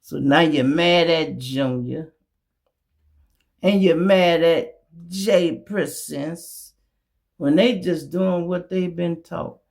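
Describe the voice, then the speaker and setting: A show host from Memphis delivers a commentary monologue in a gravelly, fairly high-pitched, darkish voice at a slow pace. His street commentary is blunt, profane and mocking, and he acts out other people's voices.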